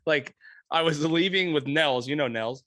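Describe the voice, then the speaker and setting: Man, podcast co-host, casual storytelling, slightly high voice, profane, laughs a lot, dry close sound. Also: normal speed, dry recording. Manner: animated, profane, laughs often and acts out quoted people. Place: podcast studio room.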